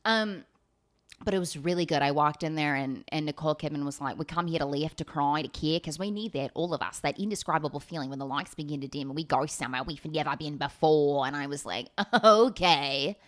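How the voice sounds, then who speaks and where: A woman's voice: low-pitched, fairly quick. A woman in her late twenties doing a rambling, profane, self-mocking comedic monologue. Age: 20s. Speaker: comedian host.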